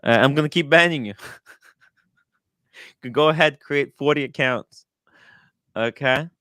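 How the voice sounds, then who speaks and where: Excitable man with a crisp voice. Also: a little high, dry recording, clean studio sound. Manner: excitable, animated, quick asides to chat. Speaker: livestream host. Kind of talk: casual livestream chat. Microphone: studio microphone.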